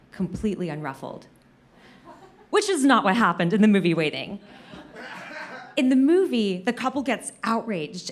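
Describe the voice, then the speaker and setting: Woman telling a comic story, lower-pitched. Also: slight background noise. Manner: animated, self-deprecating comic delivery. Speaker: comedian telling a story on stage. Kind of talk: live comedic storytelling.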